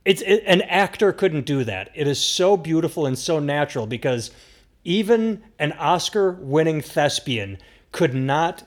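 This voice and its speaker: A man's voice: on the high side, expressive, unhurried. A man hosting a podcast, recounting a story in a wry, insistent way. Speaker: podcast host. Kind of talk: casual chat.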